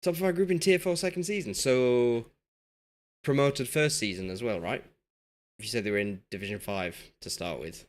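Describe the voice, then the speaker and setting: In a medium-pitched voice at normal speed, a young Yorkshire man streams a football management game. He chats easily with his live chat, talking a lot and making fun of himself.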